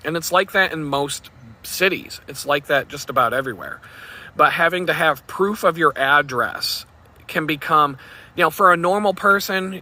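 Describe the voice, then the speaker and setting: A man's voice: fairly high pitch, sharp tone. A man talking casually to his vlog audience in a blunt, rambling, profane way. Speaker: vlogger.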